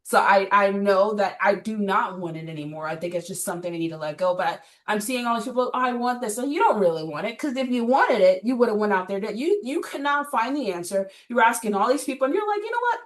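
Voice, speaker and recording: A woman's voice: mid-range voice, fast, few pauses, recorded from a distance. A woman personal trainer talking bluntly and with energy in a casual interview chat. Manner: blunt, energetic, laughs often.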